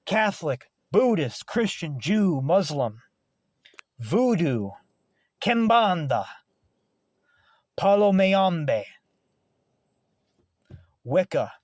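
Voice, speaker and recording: An American man on his channel delivers a fired-up, profanity-laced sermon of a rant, jumping from loud shouts to low, grumbling asides. His voice sits a bit high for a man. The sound is close and dry, with almost no room echo. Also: very animated, slow, slightly rough. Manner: profane, preachy, swings between shouting and muttering. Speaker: channel host. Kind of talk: impassioned political rant.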